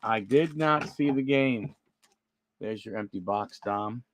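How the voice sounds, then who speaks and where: A man's voice: on the low side, slow pace, background noise. A man hosting a live card-opening stream, chatting with viewers by name and reading off player names as he flips through cards. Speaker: card break host.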